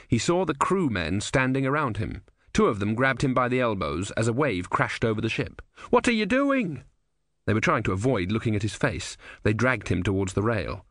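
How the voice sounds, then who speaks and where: With a fairly low voice, a man delivers scripted audiobook narration in an even, steady storytelling style. The recording is dry and of studio quality.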